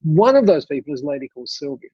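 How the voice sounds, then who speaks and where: Male guest storyteller, husky, fairly high voice, dull muffled recording. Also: racing, no room sound. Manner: animated storyteller, many restarts and asides. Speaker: guest speaker. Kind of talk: telling an anecdote in conversation.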